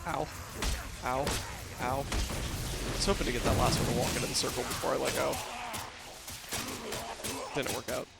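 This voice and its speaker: A man's voice: medium pitch, fairly even intonation, moderate pace, vocal fry, long pauses, loud music behind the voice. A man casually chatting with his viewers while playing a game, joking and self-deprecating. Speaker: game streamer. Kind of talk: casual live-stream chat.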